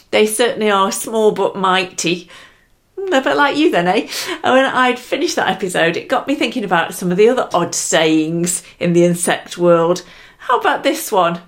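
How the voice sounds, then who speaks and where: Lady doing a solo podcast, chatty and giggly, voice a bit on the low side, talks right at you. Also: lively intonation, normal speed. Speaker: podcast host. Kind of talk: upbeat solo podcast talk.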